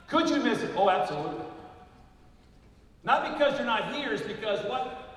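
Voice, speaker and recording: A man's voice: very high voice, fairly bright tone. An older man giving an emphatic motivational speech to a live audience, punching and repeating key numbers. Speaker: motivational speaker. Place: large hall. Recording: echoey hall recorded from far off.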